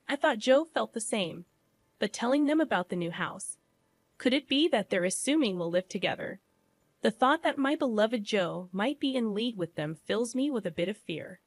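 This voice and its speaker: Woman, story narrator, fairly high voice, dry close sound, measured. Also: dry recording. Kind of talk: first-person story narration.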